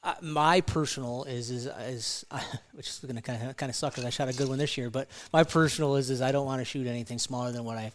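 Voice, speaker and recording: A man speaks as a podcast guest in an easygoing way, often pausing to find the next word. His voice sits at an ordinary middle pitch, and his tone is relaxed and conversational. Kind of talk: casual conversation.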